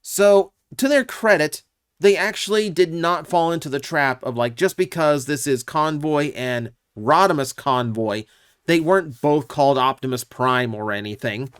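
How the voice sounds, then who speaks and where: A YouTube channel host gives casual, opinionated commentary on his own channel, full of asides and fillers. His voice is a little high and a bit bright at normal speed. The sound is clean studio audio with no room sound.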